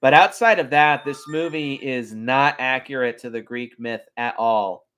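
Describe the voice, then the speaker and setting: A man casually reviewing his favorite animated films, chatty and enthusiastic, with frequent ums. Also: mid-range voice, a little slow, clean tone. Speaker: film reviewer. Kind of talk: casual video commentary.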